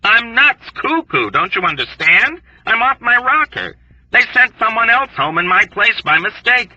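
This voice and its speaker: A man reading an audiobook, voicing a frantic young male airman who shouts and pleads in agitation. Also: extremely high pitch, very animated, normal speed, no echo, muffled recording, pitched above the performer's own voice, heavily acted. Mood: frantic pleading.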